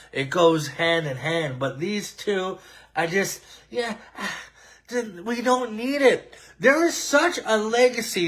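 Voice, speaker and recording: A man with a slightly high voice hosts a casual live wrestling talk show. He talks in an animated, ranting way, with plenty of sarcasm. He trips over restarts and fillers as he goes. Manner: frequent restarts and filler words. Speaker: podcast host.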